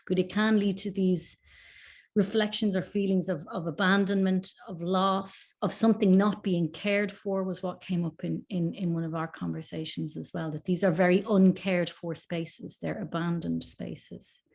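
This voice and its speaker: A woman facilitating an online discussion over a video call, speaking in a measured, reflective way. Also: on the low side, steady tone, vocal fry, a little mellow. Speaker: session facilitator.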